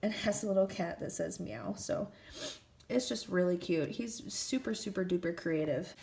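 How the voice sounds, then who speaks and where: A woman's voice: on the low side, normal speed, vocal fry, darkish tone. A young woman in her twenties talking to camera in a personal vlog, chatty and affectionate, laughing often and getting a little emotional. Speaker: vlogger.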